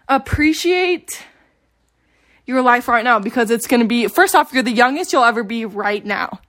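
A woman's voice: fairly high pitch, fairly bright tone. Chatty rambling teenage girl vlogger. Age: late teens. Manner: rambling, chatty, self-deprecating, filler-heavy. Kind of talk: casual confessional chat. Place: home with dogs. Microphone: phone.

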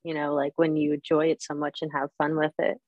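A woman hosts a casual interview, chatty and encouraging. Her voice sits a little low, and the recording is dry and close. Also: completely flat delivery, a little fast, a little mellow, no echo, highs cut off. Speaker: host.

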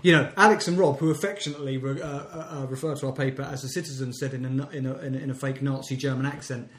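An English man co-hosting a podcast, chatting casually with dry, deadpan humour. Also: medium pitch, quick pace. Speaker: podcast co-host. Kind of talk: casual chat. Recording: echoey room.

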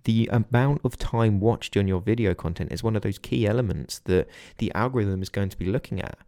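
Low, gravelly male podcast host. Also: fairly quick, dry recording, clean studio sound. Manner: earnest, instructive, steady delivery. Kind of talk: solo podcast monologue.

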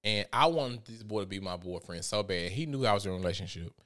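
A man giving casual commentary on a vlog, animated and profane as he tells a story. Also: lowish voice, quick pace. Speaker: vlogger.

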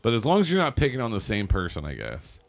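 A man's voice: mid-range voice, wildly swooping pitch, fast talker, vocal fry. A man in casual chat, talking bluntly with many fillers. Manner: blunt, rambling with frequent likes.

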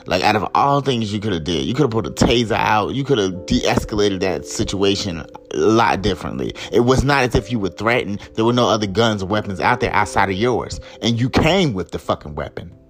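Angry, profane man ranting low. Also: lively intonation, brisk, hardly any pauses, faint music behind. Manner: heated, profane, rising to shouts of outrage. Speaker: podcast host. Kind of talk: angry solo commentary.

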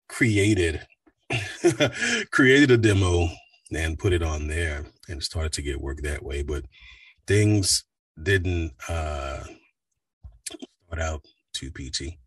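Deep-voiced man, husky and relaxed. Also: slow pace, pauses often, dry recording, far from the mic. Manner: relaxed, rambling storyteller with fillers. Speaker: voice actor guest. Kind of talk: casual interview chat.

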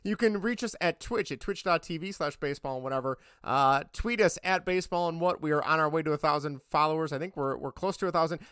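A young man runs his sports podcast in a loose, rambling chat, laughing easily. His voice is bright and crisp, a touch high, and recorded dry and close to the mic. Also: no echo. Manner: chatty, rambling, quick to laugh. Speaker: podcast host.

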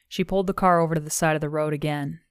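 A woman narrating an audiobook in measured, even storytelling, recorded on a close studio mic. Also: low-pitched, smooth, no room sound.

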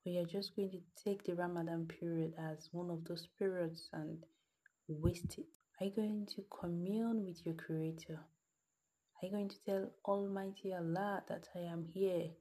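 A woman's voice: fairly low pitch, fairly even intonation, a little slow, warm tone. A woman telling a moral story, then earnestly questioning her listeners like a preacher. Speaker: podcast host. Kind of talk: storytelling and motivational address.

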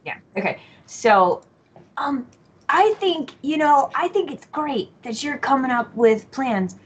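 A woman in a tabletop game who speaks quickly, directly and skeptically. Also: high-pitched, lively intonation, slightly rough, muffled recording. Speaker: player. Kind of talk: casual game chat.

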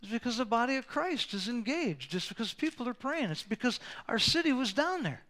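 A man preaching a sermon, telling a story with animated delivery and sometimes raising his voice to a roar for emphasis. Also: extremely high pitch, brisk. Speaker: pastor.

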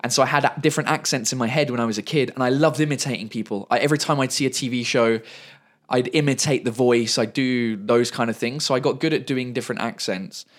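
A man's voice: mid-range voice, quick pace. A man in his thirties from England with an English accent, a comedian chatting as a guest in an interview. He talks fluently and repeats words when he searches for a phrase. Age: 30s. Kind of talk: casual interview chat.

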